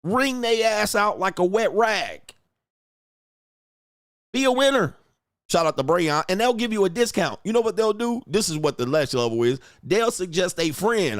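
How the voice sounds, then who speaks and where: On a clean, dry studio recording with no room sound, a livestream host in his forties speaks at a moderate pace in a high-pitched, very animated voice. He rants crudely and loudly, swears, ridicules critics, and reads viewers' comments aloud.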